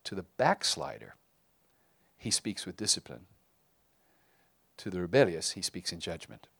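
Middle-aged guy pastor giving a sermon, lowish voice, chatty with lots of uhs, dry close sound. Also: sing-song, measured pace, creaky, fairly bright tone, slightly rough, no room sound. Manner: conversational, with frequent fillers and restarts.

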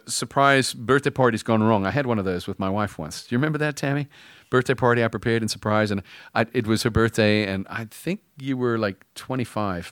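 A man's voice: medium pitch, a bit bright, no room sound, clean studio sound. A middle-aged man preaching a sermon in a conversational way, telling stories and acting out bits of dialogue. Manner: conversational storytelling, acts out dialogue. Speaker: pastor.

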